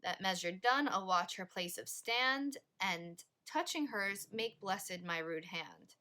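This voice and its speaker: A woman reading the lines of a smitten young man in a soft, slow, wondering way. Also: mid-range voice, expressive. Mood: awed.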